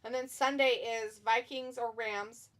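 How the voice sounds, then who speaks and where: Woman streamer, high voice, bright and sharp tone, chatty, giggly, reads chat aloud, casual watch-along commentary. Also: steady tone, a little slow. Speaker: stream host.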